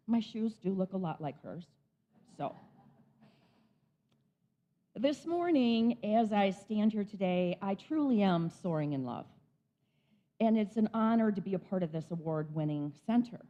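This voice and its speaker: A woman's voice: medium pitch, animated, unhurried, long pauses, mellow, muffled recording. A woman guest speaker giving an upbeat, enthusiastic inspirational talk at a spiritual center. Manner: bubbly, enthusiastic.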